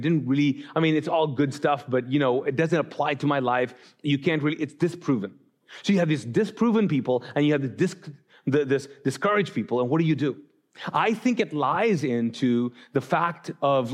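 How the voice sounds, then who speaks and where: A male pastor in his forties giving a casual, conversational sermon, telling stories with lots of fillers and restarts. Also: mid-range voice.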